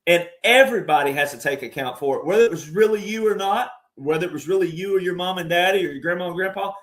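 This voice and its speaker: A man giving an emphatic commentary monologue, repeating himself and addressing the audience as ladies and gentlemen. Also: high-pitched, fast. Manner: restarts and repeats words often. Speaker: guest commentator.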